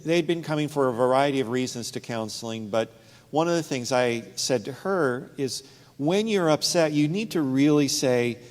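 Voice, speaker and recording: A man's voice: medium pitch, darkish tone. A man who works as a relationship counselor, talking casually in a panel discussion and telling anecdotes from his practice. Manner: conversational, storytelling with anecdotes. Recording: long hall reverb.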